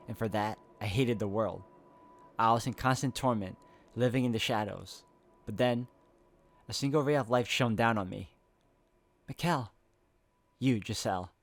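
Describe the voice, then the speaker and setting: A man reading game dialogue aloud in a soft, emotional, hesitant way. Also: fairly low pitch, fairly quick, slight background noise. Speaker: game walkthrough narrator.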